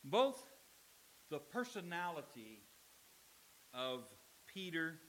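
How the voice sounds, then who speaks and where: A man preaching a sermon as pastor, with emphatic delivery, dramatic pauses and acted-out quoted lines. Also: a little high, sing-song, fairly bright tone, slight background noise, low-quality recording.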